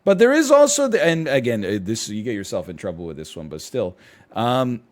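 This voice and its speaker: A young man talks through an argument on his live stream, weighing one side and then the other as he thinks aloud. His pitch rises and falls a lot. He sounds casual and animated. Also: fairly quick. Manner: animated, thinks aloud, argues both sides.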